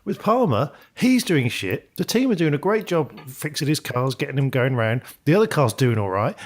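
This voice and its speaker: A man's voice: medium pitch, expressive, normal speed. A man co-hosting a motor racing podcast, blunt and swearing as he rants. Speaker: podcast co-host. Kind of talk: casual chat.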